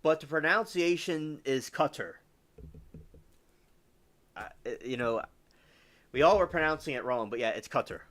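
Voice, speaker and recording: Reading the chat aloud and replying to viewers, this livestream host rambles casually about the news. His voice is a little high and a bit bright, with a moderate pace.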